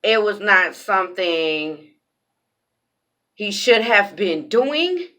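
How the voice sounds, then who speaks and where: A woman's voice: mid-range voice, very animated, drawn-out words, pushed and bright. A woman telling a personal story in a casual vlog, cursing bluntly, repeating phrases for emphasis, raw and emphatic.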